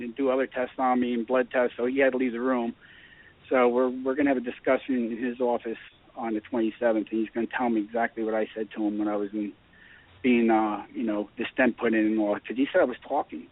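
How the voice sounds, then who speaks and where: A man telling his story in a casual radio chat, animated and acting out the dialogue. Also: mid-range voice. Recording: tinny phone line.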